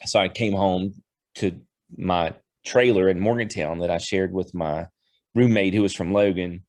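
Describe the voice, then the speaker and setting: A man giving a heartfelt spoken tribute to his longtime pastor, halting and emotional. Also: low-pitched, steady tone, a little mellow, no echo. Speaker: former church member giving a tribute.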